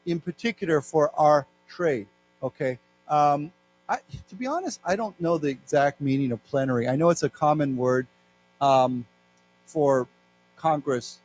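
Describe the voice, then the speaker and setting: A man with an American accent giving a live English lesson, reading news aloud slowly and explaining words to his class. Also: fairly high pitch, expressive, soft background music. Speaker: English teacher. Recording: faint mains hum.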